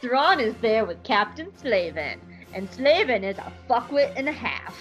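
A woman's voice: on the high side, big pitch swings, unhurried, a bit bright, soft background music, poor audio. A young woman hosting a podcast, chatting casually and giggly through an episode recap. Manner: chatty, giggly, lots of fillers. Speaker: podcast host.

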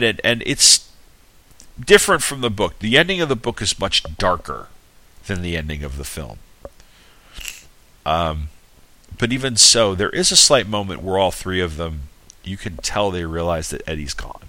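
A man's voice: on the low side, dry recording. A man giving a casual, rambling film recap with many restarts and asides. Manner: animated retelling with acted-out quotes. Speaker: film reviewer.

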